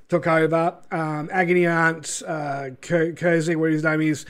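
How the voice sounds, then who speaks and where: A man's voice: on the high side, normal speed, creaky, a bit bright. A man hosting his channel, ranting in a sarcastic, scornful way with many fillers and asides. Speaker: channel host. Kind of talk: ranting commentary video.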